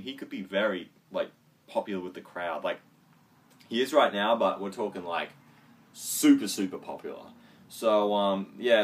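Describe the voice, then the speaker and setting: Seated at a distance from the mic, which makes him sound slightly far off, a man gives a loose and excitable review of wrestling on video. His voice is fairly low, and he swears a lot while scattering ums throughout.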